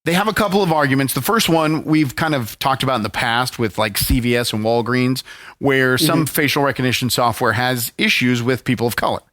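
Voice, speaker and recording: A man's voice: medium pitch, brisk, a bit bright, dry recording. Man co-host reading out news plainly, opinionated, recorded dry. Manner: matter-of-fact, opinionated. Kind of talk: news commentary in casual chat.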